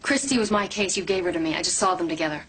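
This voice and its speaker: A woman's voice: on the low side, rapid-fire, fairly bright tone, husky. An actress playing a tough, principled female police officer who speaks in firm, clipped replies. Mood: tense. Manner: firm, clipped, resists pressure. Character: tough young female cop, principled and guarded. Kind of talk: TV movie acting.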